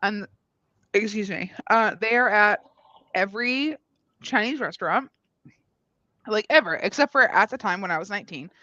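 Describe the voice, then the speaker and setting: A woman's voice: mid-range voice, moderate pace, pauses often, pushed and bright, no room sound. A young woman from Maine, tipsy and boisterous, swearing and laughing often in casual live-stream chat. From Maine, USA. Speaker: guest co-streamer. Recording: dull lo-fi stream audio.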